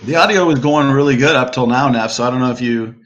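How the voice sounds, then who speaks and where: A man moderating an online debate in a loose, joking way. He fills his pauses with ums and uhs while he steers the talk and checks the time. His pitch sits in an ordinary middle range. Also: fairly bright tone, muffled recording. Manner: laid-back, joking, filler-heavy. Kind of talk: casual moderating. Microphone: video call audio.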